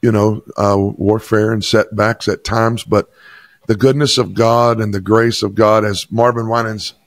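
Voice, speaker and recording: A man's voice: lowish voice, flat delivery, a little slow, no echo. A pastor from Chattanooga, a man, telling an emphatic personal testimony in an interview. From Chattanooga, Tennessee. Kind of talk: interview storytelling.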